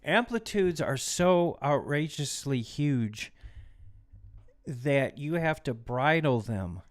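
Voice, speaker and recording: A man hosting a live stream who teaches music mixing in a chatty, casual way and often drops into quiet muttered asides while he works. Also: medium pitch, animated, slow. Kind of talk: casual live tutorial talk.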